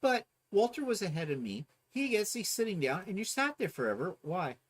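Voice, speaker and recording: A man's voice: sits high, big pitch swings, fairly quick, slightly rough. A man co-hosting a casual chat, animatedly telling a story and mimicking other people. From Ontario, Canada. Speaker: co-host.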